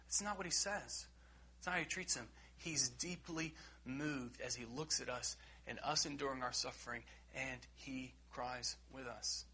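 A man preaching a sermon in an earnest, emphatic way, rising loud and dropping quiet. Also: mid-range voice, a little slow, husky.

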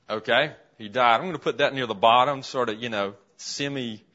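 Male Bible teacher, interactive classroom lesson, mid-range voice, muffled low-fidelity sound. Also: moderate pace, pushed and bright. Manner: asks the class questions while writing a list on a board. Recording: dull, lo-fi classroom recording.

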